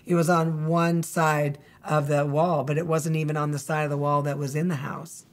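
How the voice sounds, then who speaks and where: Low-voiced woman telling her story. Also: level tone, normal speed. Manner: rambling, candid storytelling with frequent laughs. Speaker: guest. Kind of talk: testimony interview.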